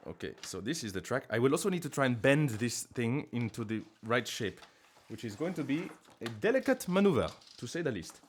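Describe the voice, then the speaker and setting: A man chatting casually on a live stream from his living room, rambling and joking at himself with sudden loud outbursts. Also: mid-range voice, sing-song, fairly quick, hardly any pauses, slightly rough.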